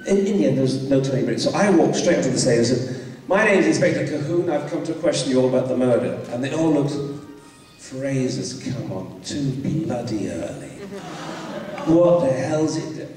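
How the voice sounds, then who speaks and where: A man, an actor on a convention panel, telling a theatre story in a lively way and acting out the voices. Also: mid-range voice. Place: large convention hall. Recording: echoey hall recorded from far off.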